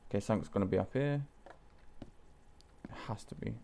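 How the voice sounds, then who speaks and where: A man's voice: on the low side, a little fast, gravelly, mellow, a little hiss or hum. A young man from Wales, talking himself through a video game, muttering and swearing casually. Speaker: gaming channel host. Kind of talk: let's play commentary.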